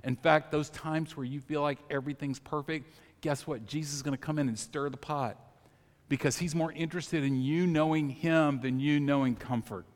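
Standing in a church sanctuary with big-room sound, a male pastor delivers his sermon at a moderate pace in a fairly high, steady voice. His style is casual, built on personal stories and questions aimed at the congregation.

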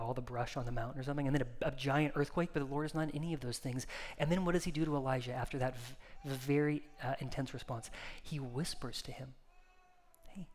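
A man's voice: medium pitch, in a large hall. A man preaching a sermon in a casual, conversational way, acting out the quoted lines with rising intensity. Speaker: pastor.

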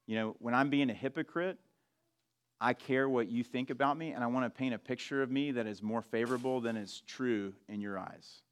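A man preaching a sermon in a relaxed, conversational way, with frequent restarts and asides. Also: medium pitch, fairly quick, clear, resonant tone. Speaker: pastor.

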